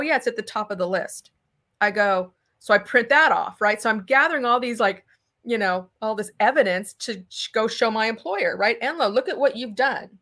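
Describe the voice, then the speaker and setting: A middle-aged woman from California, a guest in a conversational interview, telling a story animatedly and acting out the dialogue. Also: fairly high pitch. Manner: animated, acts out dialogue in quotes. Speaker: political candidate guest.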